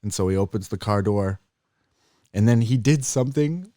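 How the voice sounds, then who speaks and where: A young man co-hosting a podcast, telling a funny spooky story in casual chat, often jumping high and loud when he acts out scared voices. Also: moderate pace, noisy background. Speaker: podcast co-host.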